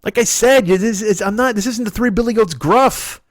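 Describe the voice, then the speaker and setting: A man's voice: high voice, moderate pace, no room sound. A man in his forties from Chicago, hosting a solo comedy podcast and ranting in a profane, exasperated storytelling style. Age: 40s.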